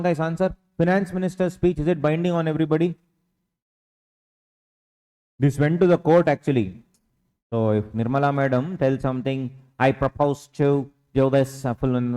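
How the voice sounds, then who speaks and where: A man's voice: mid-range voice, dark tone, in a large hall, low-quality recording. A young man with an Indian English accent lecturing on tax law in an online revision class, asking questions and answering them himself. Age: young adult.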